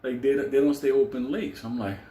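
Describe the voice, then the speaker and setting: A man telling a profane, animated story in casual vlog style, laughing often and acting out quotes. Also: medium pitch, brisk, echoey room. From New York City. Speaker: storyteller vlogger.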